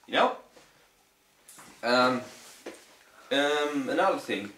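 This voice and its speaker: A man's voice: medium pitch, expressive, drawn-out words, pushed and bright, a little hiss or hum. A young man with a Dutch accent, a native Dutch speaker giving a rambling, profane, laid-back vocal tutorial in English. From Netherlands. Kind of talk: casual how-to talk. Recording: echoey room, mic at a distance.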